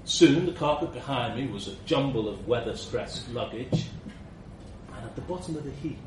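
A man narrating a first-person comic story with a wry, expressive, slightly profane delivery. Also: medium pitch, normal speed, reverberant, recorded from a distance, slight background noise.

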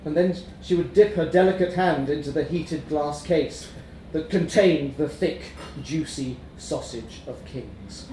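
A man reads a darkly comic story aloud with a wry, amused delivery. His voice sits somewhat high, and the room gives it a noticeable echo. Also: unhurried, dark tone, slight background noise. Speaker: narrator. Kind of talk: storytelling reading. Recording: roomy echo.

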